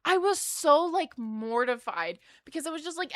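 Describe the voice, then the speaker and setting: A woman streamer telling a story casually to her live chat, animated and rambling, laughing often. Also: sits high, normal speed, dry recording, studio quality.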